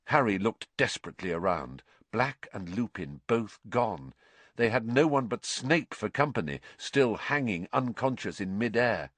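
A man narrating a story aloud, expressive and dramatic, rising with the action. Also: on the low side, measured pace, no room sound. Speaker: audiobook narrator.

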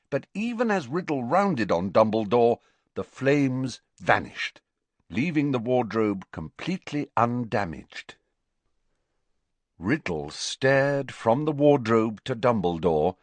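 A man giving a deliberate scripted audiobook narration in an even storytelling manner. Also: on the low side, breathy edge, dry recording.

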